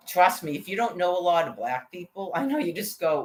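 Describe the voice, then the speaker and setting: A woman's voice: on the low side, lively intonation, brisk, few pauses, slight background noise. An older woman vlogging an angry, profanity-heavy rant, agitated and quoting what others said to her.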